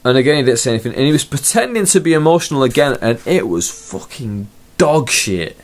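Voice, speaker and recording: A man's voice: mid-range voice, big pitch swings, fairly quick. A man giving a casual, ranting wrestling review in a video blog, swearing freely. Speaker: wrestling vlogger.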